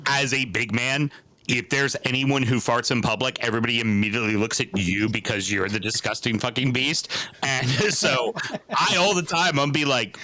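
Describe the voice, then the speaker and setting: A man's voice: medium pitch, moderate pace, sharp tone, dry recording. A man guesting on a casual podcast, laughing often, joking about himself and swearing. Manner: laughing, self-mocking, profane.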